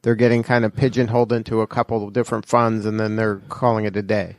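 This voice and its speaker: A man's voice: on the low side, little pitch movement, fast talker, dry recording. A man hosting a radio interview show, asking clarifying follow-up questions.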